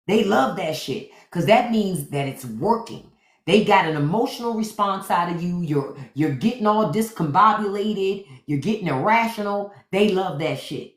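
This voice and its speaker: A woman's voice: mid-range voice, animated, measured pace. A woman hosting a livestream, giving blunt, profane, mocking commentary straight to her viewers. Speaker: livestream host. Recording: roomy echo.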